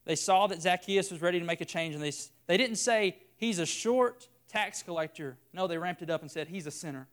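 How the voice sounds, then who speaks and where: Male preacher, earnest sermon delivery with repetition, smooth resonant tone. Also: high-pitched, fairly quick, few pauses, fairly bright tone. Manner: earnest, builds by repeating phrases.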